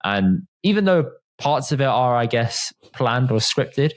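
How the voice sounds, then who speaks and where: A young man co-hosting a casual podcast, relaxed and candid, laughing easily. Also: mid-range voice, unhurried. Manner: laid-back, laughing, candid. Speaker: podcast co-host. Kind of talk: casual chat.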